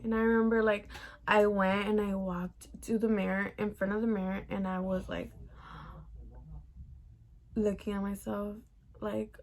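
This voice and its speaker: A woman's voice: mid-range voice, little pitch movement, measured pace, pauses often, darkish tone, slight background noise. A young adult woman telling a casual, profane storytime vlog, peppered with "like". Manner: chatty, profane, heavy use of "like". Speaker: vlogger.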